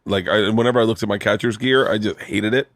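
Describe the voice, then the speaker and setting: A man with a fairly low voice hosts a podcast and talks in loose, excitable bursts, swearing and laughing easily. The sound is dry and close to the mic. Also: quick pace, no room sound. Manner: excitable, profane storyteller who laughs easily. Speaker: podcast host. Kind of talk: casual chat.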